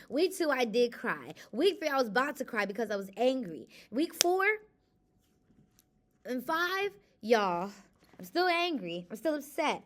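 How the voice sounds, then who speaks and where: Slightly high and with big pitch swings, a young woman's voice moves at a measured pace as she alternates between reading a self-help book aloud and venting honestly to the camera. The casual confessional vlog is emotional and candid throughout.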